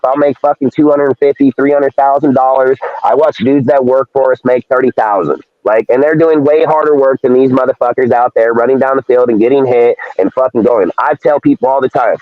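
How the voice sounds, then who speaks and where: A man rants on a live sports talk show, cursing freely and hammering his points home. He sounds thin and boxed in, as if over a phone line, with a dry, close sound. His pitch sits in an ordinary middle range. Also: dry recording. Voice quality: profane, blunt and emphatic. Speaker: podcast co-host. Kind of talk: heated sports talk rant.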